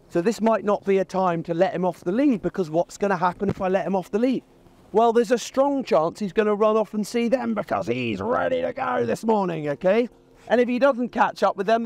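Trainer, talks outdoors by a pond, plain and chatty, higher male voice. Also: a little mellow. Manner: chatty, plain-spoken, ranting asides. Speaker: dog trainer.

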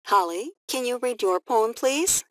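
A woman voicing a firm, brisk female schoolteacher. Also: fairly high pitch, lively intonation, fairly bright tone, no echo, clean studio sound, voice pushed up.

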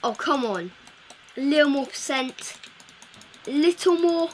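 Woman game host, high-pitched and slow-paced, playful running commentary. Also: expressive, a little hiss or hum. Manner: chatty, playful, talks to game characters. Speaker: gameplay video host. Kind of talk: casual live game commentary.

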